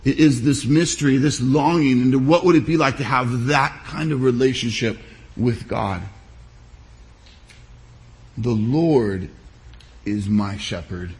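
A pastor giving a sermon, preaching in a measured, emphatic way with deliberate pauses. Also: male voice, medium pitch.

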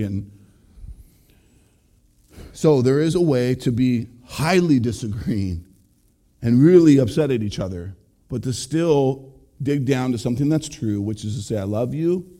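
A middle-aged pastor delivers an earnest sermon in a relaxed, conversational way, talking straight to his listeners. His voice is mellow and dark, sitting at an ordinary pitch for a man. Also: moderate pace. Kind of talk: sermon on marriage.

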